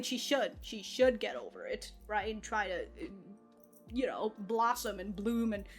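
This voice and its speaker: Lady chatting about an anime ep, kinda high voice, giggles a lot, swears, faint music behind. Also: fairly bright tone. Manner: rambling, laughs often, swears casually. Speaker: anime reaction channel host. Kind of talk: casual reaction commentary.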